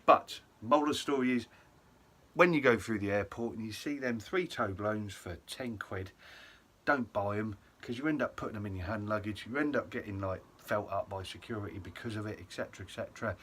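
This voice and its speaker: A young man with a fairly low voice tells a story to his viewers in a loose, rambling, self-mocking way. Soft background ambience hums faintly behind him. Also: a little fast, a little hiss or hum. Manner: chatty, self-mocking, lots of ums and et ceteras. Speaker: vlogger. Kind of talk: casual storytelling to camera.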